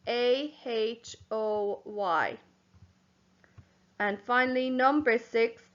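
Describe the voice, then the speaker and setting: A young woman teaches young children at an easy, unhurried pace, spelling each word out letter by letter. Her voice sits fairly high, and the recording is a bit dull and lo-fi. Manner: slow and clear, spelling words out letter by letter; gently addresses children as boys and girls. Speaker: primary school teacher. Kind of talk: home learning lesson for young children.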